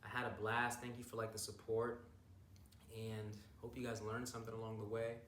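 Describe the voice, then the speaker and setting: A man's voice: lowish voice, level tone, moderate pace, a bit bright. A young man giving a casual recap vlog of his bodybuilding show, hyped and rambling, with plenty of swearing. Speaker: bodybuilder vlogger. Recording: roomy, distant from mic, faint noise.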